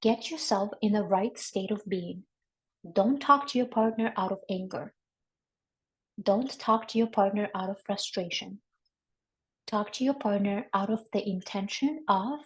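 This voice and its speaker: A woman, a marriage and family therapist, teaching a workshop in a calm, instructive way, often checking in with listeners. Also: mid-range voice, moderate pace, rough recording.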